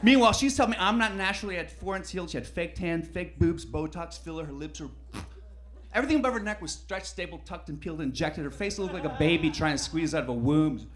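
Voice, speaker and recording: A brash male stand-up comedian with a fairly high voice delivers crude material. He swings from loud, punchy bursts to low, throwaway mutters. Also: fast. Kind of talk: stand-up routine.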